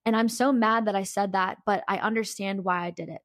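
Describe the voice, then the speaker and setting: A woman's voice: mid-range voice, steady tone, fairly quick, no room sound, clean studio sound. A young woman telling a personal story in a casual, candid and emphatic way, full of "like" fillers.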